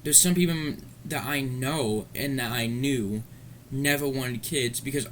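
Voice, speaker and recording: A man in the middle of an angry, rambling rant, swearing freely as he goes. His pitch sits at an ordinary middle height, with a faint murmur of room ambience behind him. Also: unhurried, a bit bright, a little hiss or hum. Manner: profane, heated, rambling. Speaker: commentary vlogger. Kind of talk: ranting commentary.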